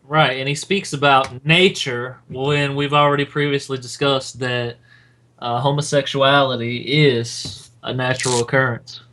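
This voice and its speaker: A man's voice: mid-range voice, steady tone, unhurried, sharp tone, a little hiss or hum. A man co-hosting a casual political podcast, earnest and repeating himself for emphasis. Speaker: podcast co-host.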